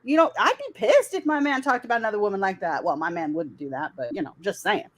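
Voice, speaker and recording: A woman's voice: medium pitch, animated, fast, dry recording. A woman hosting a stream, commenting on a clip in a sarcastic, mocking way. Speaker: host.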